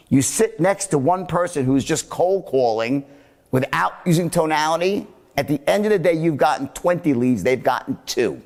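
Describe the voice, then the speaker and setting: Animated man teaching sales tone. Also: a little high, big-room sound. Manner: demonstrates vocal tones, blunt and profane. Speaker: sales trainer. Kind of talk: sales seminar talk.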